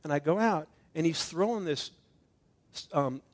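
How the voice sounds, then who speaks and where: A middle-aged male pastor giving a communion sermon, swinging from loud, emphatic preaching to hushed, intimate tones and acting out dialogue as he tells a story. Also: on the high side, lively intonation, a little slow.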